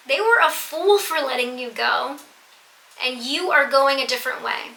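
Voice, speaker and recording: High-pitched lady doing a tarot reading, super bright tone, keeps repeating herself to hammer it home. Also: normal speed. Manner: earnest, emphatic, repeats phrases for stress. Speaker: tarot reader. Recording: echoey room with faint noise.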